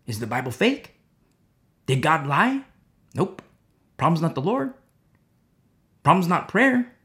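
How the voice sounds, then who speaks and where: A man preaching a sermon with passion, repeating phrases and swinging from loud bursts to hushed, near-whispered lines. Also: mid-range voice, vocal fry. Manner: impassioned, repetitive, swings between loud and hushed.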